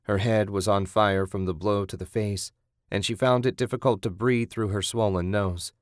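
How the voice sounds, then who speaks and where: A man narrates a horror audiobook in a steady, measured reading style. His voice sits very low, and the recording is dry and close with no room sound. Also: no room sound.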